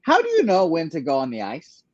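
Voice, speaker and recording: A man giving a casual movie review as a guest, rambling and halting with lots of ums and uhs. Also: on the high side, huge pitch swings, no echo. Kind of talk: casual chat. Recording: dry, dull lo-fi remote line.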